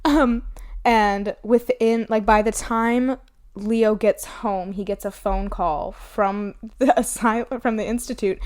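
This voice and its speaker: A woman co-hosting a podcast, chatting casually and retelling favorite film scenes with laughter. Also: medium pitch. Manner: animated retelling, quoting film lines with laughs. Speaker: podcast co-host. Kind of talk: casual chat.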